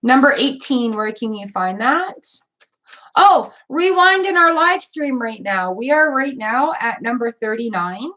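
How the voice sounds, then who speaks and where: A woman's voice: a little high, lively intonation, measured pace, sharp tone. A woman giving tarot card readings on a live stream, encouraging and chatty, repeating words and using fillers as she goes. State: hiccups. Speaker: tarot reader.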